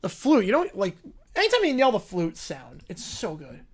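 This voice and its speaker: A man's voice: sits high, wildly swooping pitch, moderate pace, husky. A man hosting a casual livestream who chats loosely with viewers and often repeats his own phrases. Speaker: livestream host.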